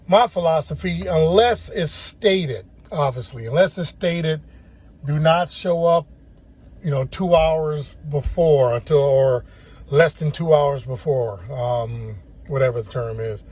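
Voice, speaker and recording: Laid back trucker guy vlogging from his cab, husky voice, road hum behind. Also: on the high side, a little mellow. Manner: chatty, easygoing, laughs at himself. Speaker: truck driver. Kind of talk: casual vlog talk to camera.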